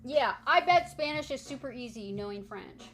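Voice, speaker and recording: A woman's voice: high-pitched, lively intonation, normal speed, a bit bright. An American woman chatting casually with viewers on a live stream and practicing French words aloud. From United States. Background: faint background music.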